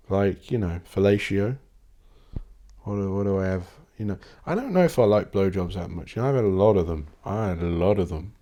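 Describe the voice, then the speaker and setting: A man's voice: sits low, warm tone. A man, rambling and swearing in a casual solo podcast, often breaking off mid-word and laughing. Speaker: podcast host.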